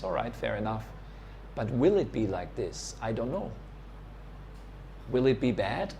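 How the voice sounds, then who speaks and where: A man giving a meditation talk as a teacher, speaking in short, unhurried phrases and putting direct, challenging questions to the listener. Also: mid-range voice, animated, vocal fry, darkish tone, slight background noise.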